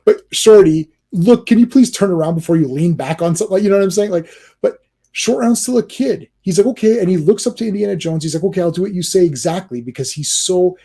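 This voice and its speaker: Guy ranting about movies on his stream, kinda husky, mellow dark tone, talks a bit high. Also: quick pace. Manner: animated, ranting, frequent restarts and filler words. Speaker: livestream host. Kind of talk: casual movie-talk livestream.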